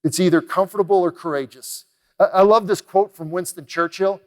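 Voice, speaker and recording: A middle-aged man delivers a motivational talk in a fairly high voice. He tells his stories with real energy and brings the voices of the people in them to life. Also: fairly quick. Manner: energetic, acts out quoted dialogue in a lively way. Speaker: motivational speaker. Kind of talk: motivational keynote talk with storytelling.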